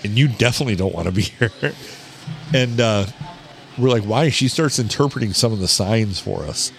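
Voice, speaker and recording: A man hosting a podcast from a bar, telling a story in a casual, animated way, swearing and quoting people. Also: lowish voice, normal speed, vocal fry, a little hiss or hum. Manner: swearing, animated anecdote teller who quotes people. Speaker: podcast host.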